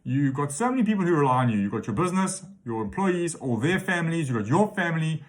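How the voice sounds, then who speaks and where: A man's voice: on the high side, very animated, fast, voice pushed up, low-quality recording. A man putting on the voice of an alarmed woman colleague with an Afrikaans accent who scolds him for being reckless. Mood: incredulous scolding. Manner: incredulous, scolding.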